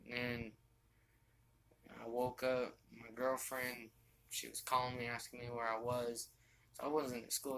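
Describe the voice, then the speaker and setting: A young man telling a personal story from his bed, halting and restarting often as he talks. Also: medium pitch, little pitch movement, a bit bright, a little hiss or hum, poor audio. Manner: halting, with frequent restarts and fillers. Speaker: vlogger. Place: bedroom, sitting on his bed.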